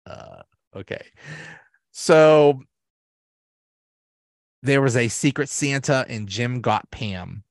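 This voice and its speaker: A man's voice: medium pitch, lively intonation, slow, pauses often, no room sound, studio quality. A man hosting a solo podcast, recapping episodes in a rambling, casual way with restarts and laughs. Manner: rambling, many restarts and fillers, laughs often. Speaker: podcast host.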